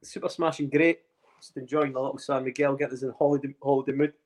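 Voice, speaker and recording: A man's voice: medium pitch, steady tone, fast. A man with a Scottish accent, co-hosting a podcast in casual, sweary, teasing banter. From Scotland. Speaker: podcast co-host, former footballer.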